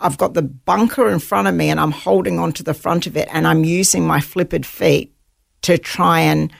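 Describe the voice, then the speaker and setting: An author appearing as a guest in a storytelling interview recounts surviving at sea, earnest and vivid, quoting her own thoughts along the way. Her voice is lowish and gravelly with a steady tone and moderate pace, recorded in studio quality with no room sound.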